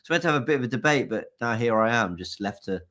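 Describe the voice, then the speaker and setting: A man's voice: mid-range voice, animated, racing, fairly bright tone. A man hosting a casual live stream, chatty and self-mocking, talking into a laptop mic.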